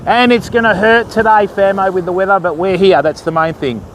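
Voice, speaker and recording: A man's voice: sits high, steady tone, brisk, fairly bright tone, slight background noise. A man hosting a casual fishing live stream outdoors, chatting to viewers and calling them mate and bud. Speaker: fishing livestream host. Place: outdoors on a stormy beach.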